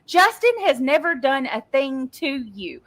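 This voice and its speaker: A woman's voice: high voice, sing-song, measured pace, a bit bright. A woman on a livestream, ranting heatedly with profanity and stumbling restarts. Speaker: livestreamer in a played clip. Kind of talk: angry livestream rant.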